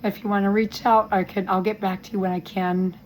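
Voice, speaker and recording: A woman recording a personal update from a hospital room, talking in an earnest, rambling and halting way with a weak, strained voice that breaks with emotion. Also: medium pitch, level tone, a little mellow, slight background noise, rough recording. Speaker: vlogger giving a health update.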